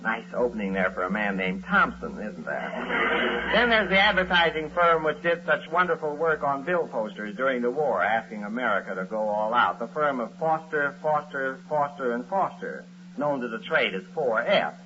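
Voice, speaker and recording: A wry, long-suffering husband who narrates with dry wisecracks in a 1940s radio comedy. His voice is mid-pitched and animated. The old broadcast is dull, with clear hiss. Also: moderate pace. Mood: wry narration. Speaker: narrator and lead.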